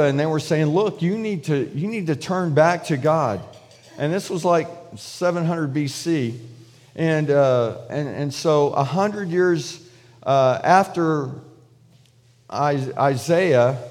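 A man with a fairly high voice preaches a sermon in a church, talking in a loose, conversational way with restarts and fillers. He slips into acted-out prayers and replies as he retells the story. The sound rings with the long reverb of a church hall. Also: a little mellow. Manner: acts out prayers and God's replies in paraphrase. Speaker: pastor.

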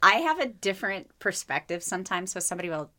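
A woman's voice: fairly low pitch, very animated, fast, sharp tone. A woman guest on a podcast, chatting and telling stories with lots of giggles. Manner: giggly, rambling storyteller. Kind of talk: casual podcast chat.

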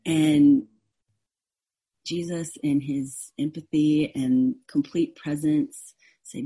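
A woman's voice: low voice, steady tone, slow, dark tone, slightly rough. A woman pastor giving a sermon, earnest and openly vulnerable, often restarting her sentences. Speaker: interim co-pastor.

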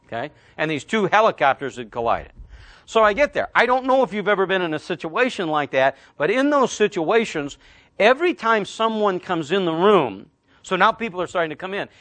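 A middle-aged man preaching a sermon as pastor, telling a story and slowing right down to stress key phrases. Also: high voice, very animated, a bit bright, dry recording.

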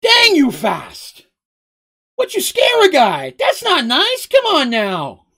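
A small, jumpy little man with a squeaky voice that shoots up high whenever he gets excited, as the storyteller puts him on. He chatters eagerly and yelps loudly, and he can turn shrewd and suspicious in a blink. This is storybook reading-aloud style. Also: takes it slowly, full character voice.

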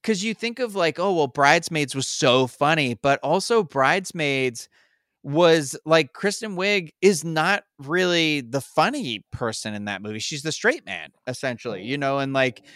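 A man with a fairly high, smooth voice chats casually on a podcast, filling his talk with likes and restarts. The sound is close and dry, with no room around it. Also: animated, a little slow, a bit bright, dry recording. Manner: chatty, full of likes and restarts. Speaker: podcast co-host. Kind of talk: casual pop-culture chat.

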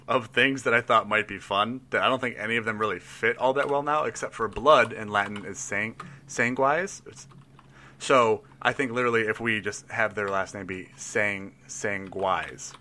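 A man's voice: lowish voice, moderate pace, sharp tone, slight background noise. A man in casual chat, building a tabletop role-playing character and thinking aloud, rambling with restarts and laughs.

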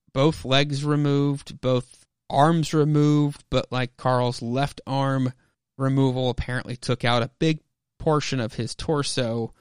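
A man's voice: medium pitch, smooth, dry recording. Guy rambling through a comic recap, lots of "like", swears, dry close mic. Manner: rambling, many "like" fillers, swears. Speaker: podcast host. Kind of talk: casual comic book recap.

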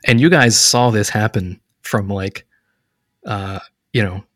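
A man narrating as game master of a tabletop game, relaxed and full of fillers. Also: lowish voice, slow, dry recording, clean studio sound. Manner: relaxed, hesitant, lots of fillers.

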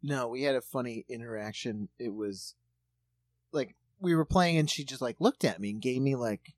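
A man chatting casually, telling lively stories and swearing freely as he acts out what others say. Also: medium pitch, moderate pace. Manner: animated storyteller, acts out voices, swears freely. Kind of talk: casual chat.

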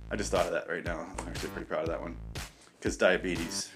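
A man's voice: low voice, flat delivery, fast, over music. A man hosting a podcast, delivering a profane, sarcastic comedic rant that stumbles over its own restarts. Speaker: podcast host.

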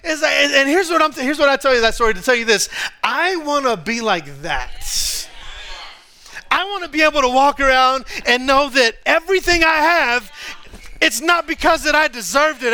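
A man with a Texan accent preaches from a church stage, and his voice sits very high for a man. It has a bright, cutting edge. He tells stories with animated energy, laughing and breaking into shouts. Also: moderate pace. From Texas. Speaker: pastor. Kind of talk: sermon.

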